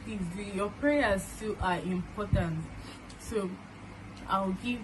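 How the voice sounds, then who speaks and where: A young woman in her twenties with a Nigerian accent, telling a personal family story to the camera in a halting, earnest way with many restarts. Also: medium pitch. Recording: noisy room ambience.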